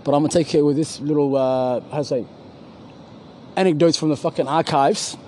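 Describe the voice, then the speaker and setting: Fast-talking man, dark mellow tone, profane rambling host, faint street noise behind. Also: a little high, fairly even intonation, rough recording. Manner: rambling, profane, loses his words, slangy. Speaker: podcast co-host. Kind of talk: casual profane street chat. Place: outdoors at a university campus.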